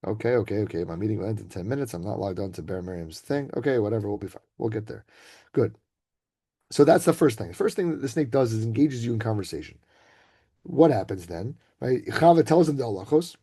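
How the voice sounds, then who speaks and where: Guy teaching a casual torah talk on a call, mellow slightly raspy voice, keeps saying right?. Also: medium pitch, very animated, a little fast.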